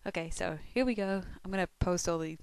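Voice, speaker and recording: A woman's voice: lowish voice, fast, darkish tone, smooth, no room sound. Young Australian woman, casual chat, swears freely, dry close sound. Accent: Melbourne Australian. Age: young adult. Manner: chatty and self-deprecating, swears often, laughs a lot. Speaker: fan answering a question tag. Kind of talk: casual audio vlog.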